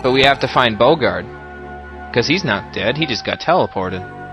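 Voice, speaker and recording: A man's voice: mid-range voice, normal speed, music in the background. A man giving casual, joking commentary over a video game, talking to his viewers. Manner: joking, lively, talks to the viewers. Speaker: let's play commentator.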